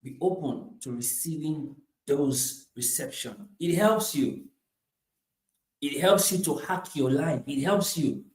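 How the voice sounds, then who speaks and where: Emphatic high-voiced man, echoey room. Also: slow pace. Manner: emphatic, repeats phrases, swings between loud bursts and quiet asides. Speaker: motivational speaker. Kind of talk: motivational talk.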